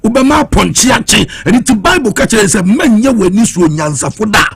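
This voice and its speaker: Raspy, high-pitched Ghanaian man. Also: lively intonation, a little fast, a bit bright. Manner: impassioned and challenging, switching between Twi and English. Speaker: political commentator. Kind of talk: heated political commentary.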